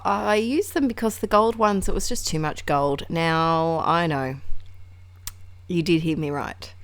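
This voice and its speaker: A woman's voice: fairly low pitch, no room sound. A woman narrating her scrapbooking in a chatty, rambling way, with laughs and asides. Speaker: scrapbooking crafter. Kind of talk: casual craft vlog narration.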